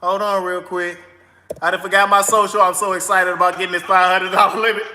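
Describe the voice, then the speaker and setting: A man doing a comic skit, excitedly filling out a credit card application, rushing and repeating himself over and over. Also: high voice. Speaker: host of a credit advice channel. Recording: echoey room with long reverb.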